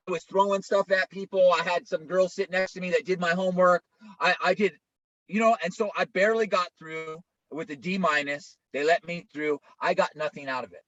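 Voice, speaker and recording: A man's voice: sits high, fairly bright tone, no room sound. A male pastor preaching an informal, conversational sermon, often checking in with listeners by asking "right?". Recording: dull lo-fi, dry sound.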